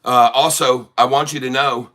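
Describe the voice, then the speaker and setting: A man's voice: medium pitch, fairly even intonation, normal speed, bright, forceful tone. A man from Michigan hosting a casual stock-trading livestream, joking, rambling and laughing often.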